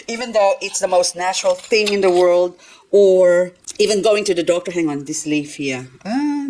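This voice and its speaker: A woman's voice: on the low side, rough recording. An older woman, chatting nonstop and giggling as she cleans up her plants for a gardening vlog. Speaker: gardening vlogger. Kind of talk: casual chat while working.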